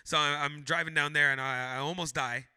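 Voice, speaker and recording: A young man hosting a podcast, telling a story in a casual chat, animated and swearing a lot, loudly acting out what he said. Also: a little high, fairly quick, smooth. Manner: animated, swears often, shouts when quoting himself. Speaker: podcast host.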